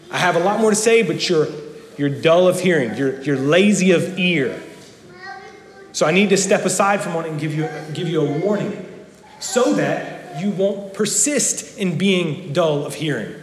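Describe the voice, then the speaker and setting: A man's voice: on the high side, a little hiss or hum. A man giving a sermon as a pastor, earnest and given to repeating words as he speaks. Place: church sanctuary. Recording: echoey church hall with long reverb.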